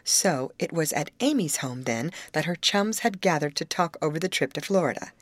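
A woman reading a novel aloud in a measured storytelling manner. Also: deep voice, lively intonation, no echo. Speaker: audiobook narrator. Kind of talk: scripted narration of a novel.

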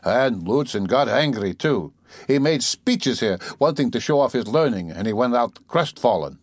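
Brief: man doing a tipsy, loud young friend, eager, lively pitch. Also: brisk, dry recording. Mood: boisterous.

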